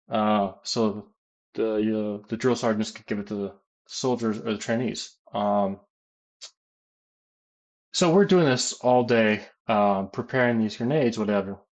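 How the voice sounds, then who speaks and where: American guy rambling through an army story, lots of ums and restarts, average pitch, casual q&a vibe. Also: dull audio. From United States. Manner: rambling, animated, many fillers and restarts. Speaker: gaming YouTuber and teacher.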